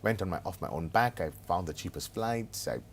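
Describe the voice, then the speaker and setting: Lively low-voiced man telling stories. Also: fairly quick, slight background noise. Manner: animated, humorous anecdotes, self-mocking asides. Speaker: business consultant and author as guest. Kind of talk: conversational storytelling interview.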